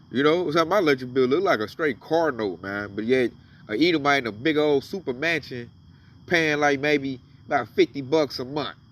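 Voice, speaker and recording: A man's voice: mid-range voice, normal speed, distant mic, a little hiss or hum. A man giving casual, emphatic commentary on scripture, reading verses aloud and then riffing on them. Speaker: religious commentator.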